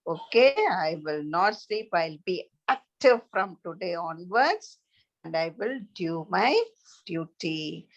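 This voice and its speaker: A woman's voice: lowish voice, expressive, takes it slowly, voice pushed down, full character voice. A woman voicing a grumpy, hungry king who scolds his sleeping court. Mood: apologetic. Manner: complaining, scolding. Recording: dull lo-fi recording.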